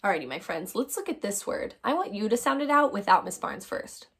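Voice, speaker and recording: A woman teacher giving a phonics lesson to young children, warmly upbeat, stretching out sounds and calling her students my friends. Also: mid-range voice, big pitch swings, brisk, breathy edge.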